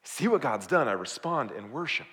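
Animated preacher in a reverberant hall. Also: male voice, mid-range voice, moderate pace. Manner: animated preaching, swings from loud to hushed. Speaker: pastor. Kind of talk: sermon.

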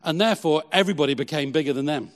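A middle-aged man, a pastor, preaching a sermon with emphatic, slow, repeated phrases. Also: a little high, in a large hall.

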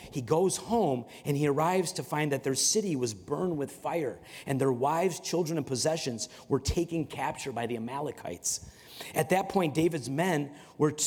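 A man's voice: mid-range voice, a little mellow, slightly rough. A man preaching a sermon in a conversational way, often repeating words and acting out stories. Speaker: pastor. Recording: long hall reverb.

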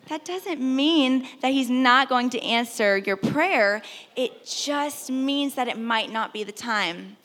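Woman preaching in a church hall, chatty, rhetorical questions, drops to a hush, big hall reverb. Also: high voice, animated, slow. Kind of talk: sermon.

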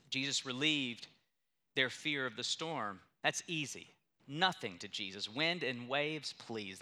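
A man's voice: mid-range voice, sharp tone. A young adult male pastor preaching a sermon, telling a story with emphatic, building intensity.

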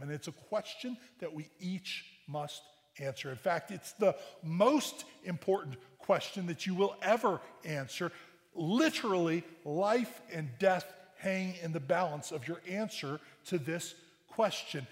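A man preaching in a church, his fairly high voice trailing into a long reverb. He drives his points home with loud emphatic bursts and keeps asking the congregation "right?". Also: normal speed. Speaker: pastor. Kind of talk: sermon. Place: church sanctuary.

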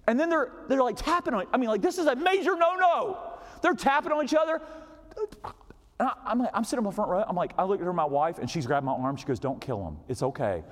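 Man, pastor, high voice, animated storytelling sermon, acts out quotes, long reverb. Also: fast.

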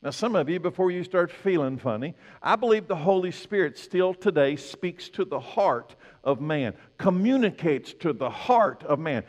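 A male pastor preaching a sermon, swinging from loud emphatic peaks to hushed, low lines. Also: expressive, normal speed, hardly any pauses, long reverb tail, highs cut off.

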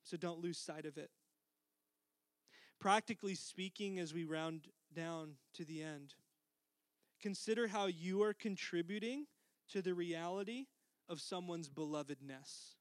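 Earnest preacher man, high clear voice. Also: measured pace, no echo. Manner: earnest, drops to a soft hush for tender lines. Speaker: pastor. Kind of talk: sermon.

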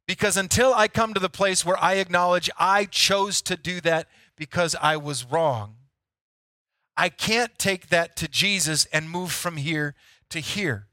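Male pastor, emphatic sermon delivery, bright tone, dry close sound. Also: high-pitched, moderate pace, no room sound. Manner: emphatic, repeats key lines for effect.

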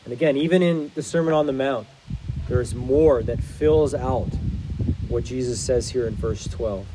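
A man's voice: mid-range voice, moderate pace, noisy background. A man preaching a sermon as pastor, in an earnest, explanatory manner.

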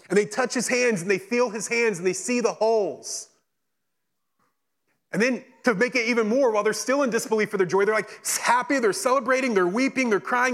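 A man delivers a sermon with a somewhat high-pitched voice. He reads scripture and then acts out its scenes, jumping between excited bursts and hushed, quiet lines. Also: fairly quick. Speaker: pastor.

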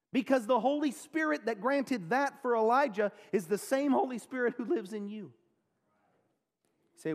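A male pastor giving a sermon, earnest, slowing down and pausing to stress key phrases. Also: extremely high pitch. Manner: earnest preaching, pauses and slows down on key phrases. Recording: long reverb of a large hall.

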